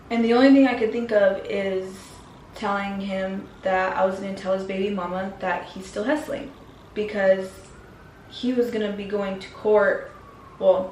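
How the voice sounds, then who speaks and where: A woman's voice: medium pitch, a little hiss or hum. Woman vlogger doing a storytime, slangy and blunt, sounds a bit far from the mic in an echoey room. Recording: roomy, mic set back.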